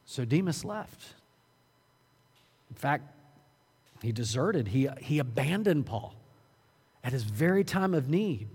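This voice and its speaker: A man preaching a sermon, earnest and urgent, swinging from loud emphasis to quiet, low moments. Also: very animated, slow pace, long pauses, husky, big-room sound. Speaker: pastor.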